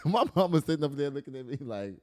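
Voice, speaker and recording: A man hosts a loose news commentary show, reading headlines and then riffing on them with laughter and the odd curse. His voice sits at an ordinary middle pitch. The sound is dry and close, with no room around it. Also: a little fast, no echo. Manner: animated, laughing, swearing, reads news aloud then riffs. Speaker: podcast host.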